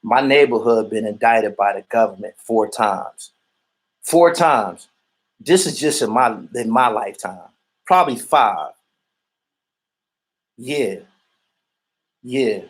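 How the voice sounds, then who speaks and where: A man's voice: medium pitch, animated, slow pace, pauses often, low-quality recording. Blunt man, street talk, repeats his points while answering comments on a livestream. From Erie, Pennsylvania. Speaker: vlogger reading viewer comments. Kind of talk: livestream rant reacting to comments.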